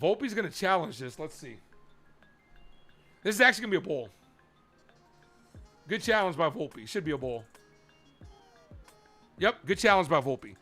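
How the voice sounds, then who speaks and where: A man's voice: on the high side, very animated, normal speed, pauses often, sharp tone, faint music behind. A young man streaming live baseball play-by-play, heatedly arguing with viewers in chat and calling the ball-and-strike count between his points. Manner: heated and argumentative, pressing chat for answers; calls balls and strikes between rants.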